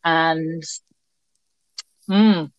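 Rambling young British woman, low voice. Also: steady tone, very slow, highs cut off. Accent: British English. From Britain. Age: young adult. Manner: rambling and joking, with many fillers and restarts. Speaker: podcast host. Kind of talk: casual chat.

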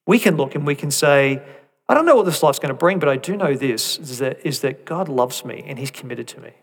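A man delivers a sermon in a mid-pitched voice, talking to the congregation conversationally. He climbs to emphatic peaks, then drops to soft asides. He leans on rhetorical questions. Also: lively intonation, brisk, breathy edge. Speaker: preacher.

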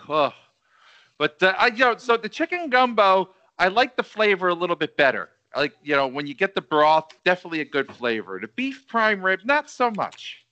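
A man's voice: sits high, sing-song, normal speed, bright, forceful tone. A man co-hosting a podcast in casual chat, rambling and tripping over his words. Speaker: podcast co-host. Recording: dull lo-fi mic.

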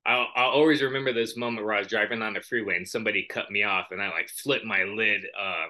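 A man speaks in a relaxed, reflective podcast conversation, drifting into personal stories. His voice sits a little low yet rings very bright and sharp. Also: quick pace. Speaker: podcast co-host. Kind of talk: casual chat.

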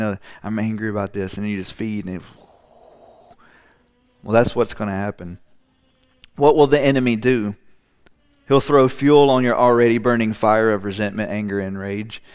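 A male pastor delivers a sermon in a smooth, resonant voice. He hammers points home through repetition and slips into acted-out voices to illustrate them. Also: on the low side, darkish tone. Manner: emphatic repetition, acts out voices.

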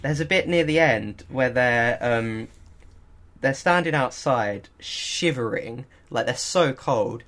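Man, podcast co-host, animated storyteller, mid-pitched, chatty and laughing. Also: slow pace. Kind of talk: casual chat.

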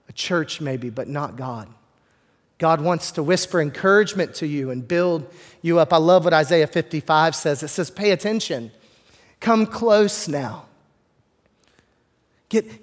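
A man preaching a sermon as pastor, talking in a relaxed, conversational way with repeated words and joking asides to the congregation, in a church. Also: fairly high pitch. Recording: long hall reverb.

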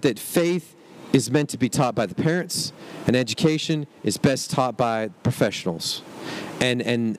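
A man co-hosting a casual podcast, animated and teasing as he argues with his friend while riding in a vehicle. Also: mid-range voice. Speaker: podcast co-host. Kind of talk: casual chat. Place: moving vehicle. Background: road noise.

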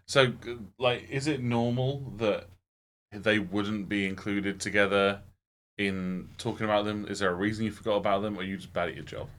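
A man's voice: on the low side, fairly even intonation, moderate pace, fairly bright tone. A man co-hosting a casual podcast, joking and teasing his co-host with self-deprecating asides. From London area.

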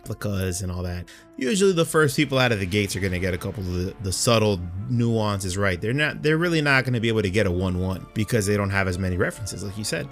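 A man co-hosting a casual fan podcast, talking in a slangy, animated way with many restarts. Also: on the low side, quick pace, few pauses, faint music behind. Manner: animated, slangy, stumbles and repeats words. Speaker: podcast co-host.

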